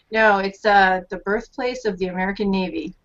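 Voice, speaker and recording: A woman with a Boston accent chatting animatedly on a live stream. Her voice sits mid-pitch and comes through slightly muffled and lo-fi. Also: measured pace, a bit bright. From Massachusetts. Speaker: artist. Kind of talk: casual live stream chat.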